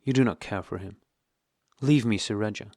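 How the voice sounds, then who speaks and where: A distressed young wife, read by a man, speaking softly and pleadingly, close to a whisper. The voice stays low and unaltered. The recording is dry and intimate. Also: normal speed, no echo. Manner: soft, pleading, near-whispered. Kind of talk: audiobook character reading.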